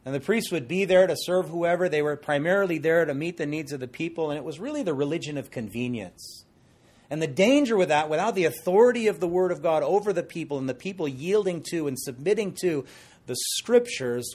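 A middle-aged man preaching an expository sermon as pastor, conversational and animated, with jokey asides. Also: a little high, moderate pace.

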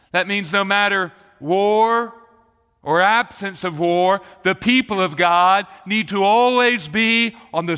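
A man's voice: high-pitched, sharp tone, clean tone. A male pastor preaching a sermon with emphatic repetition of key phrases, recorded in a church hall. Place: church sanctuary. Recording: long reverb of a church hall.

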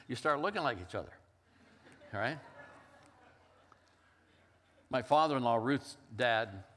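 Older preacher in a reverberant hall. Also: male voice, medium pitch, a bit bright. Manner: storytelling, conversational with acted-out quotes. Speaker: pastor. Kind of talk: sermon.

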